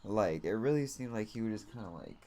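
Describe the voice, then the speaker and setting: A man's voice: lowish voice, expressive, fairly quick, crowd noise. A man streaming a game and telling a story in a loose, casual way, rambling and packing his talk with "like" and "you know", with some casual swearing.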